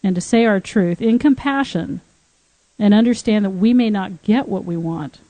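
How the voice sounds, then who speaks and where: A woman's voice: medium pitch, normal speed, mellow, no room sound, low-quality recording. A woman hosting a podcast, asking engaged questions and telling stories in a chatty way. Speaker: podcast host. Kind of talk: casual podcast interview.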